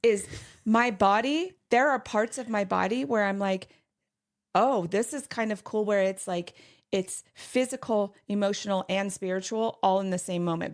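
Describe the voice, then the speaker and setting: A woman's voice: mid-range voice, moderate pace. A middle-aged woman co-hosts a podcast in easy, casual chat. She wanders through her story with plenty of "like" and half-started phrases, piling thought on thought. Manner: rambling, lots of "like" and restarts. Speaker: podcast co-host.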